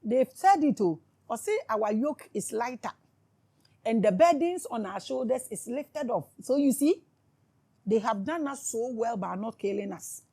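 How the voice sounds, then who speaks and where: Her voice is a little high, dark and slightly rough, expressive and unhurried. She is a spiritual commentator giving her viewers a fervent, sarcastic monologue to camera, impassioned and packed with repeated questions.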